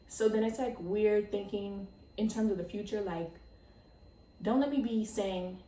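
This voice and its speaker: A young woman in her twenties hosting her own podcast, excitable and chatty, full of "like" and laughs. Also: mid-range voice, measured pace, reverberant, recorded from a distance, slight background noise. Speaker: podcast host. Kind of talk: casual chat.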